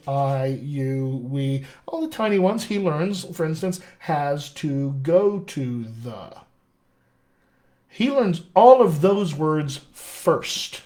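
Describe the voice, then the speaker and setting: A dialect coach with a General American accent, whose voice sits a little higher than most men's, teaches a live session. He explains off the cuff and keeps checking in with his listeners with frequent "all right?" prompts.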